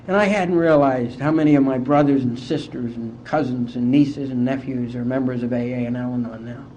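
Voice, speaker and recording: A middle-aged man from West Virginia shares his recovery story at an AA conference, his voice soft and mellow. He moves through the memories unhurried and heartfelt. The old conference tape sounds dull and muffled, with a faint hiss behind him. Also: medium pitch, fairly even intonation. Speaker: AA speaker.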